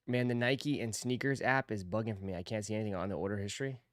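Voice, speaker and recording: A man's voice: lowish voice, fast talker, dry recording, clean studio sound. A man hosting a sneaker live stream, chatting casually with viewers in a laid-back, teasing, slangy way.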